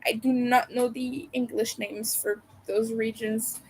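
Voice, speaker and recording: A woman with a Quebec French accent chats on a live stream at an unhurried, drawn-out pace. Her voice sits somewhat high for a woman, and she wanders through her thoughts with frequent ums and uhs. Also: flat delivery, darkish tone, a little hiss or hum. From Quebec, Canada. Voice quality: meandering, hesitant delivery full of fillers. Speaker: livestreamer. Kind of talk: casual live-stream chat.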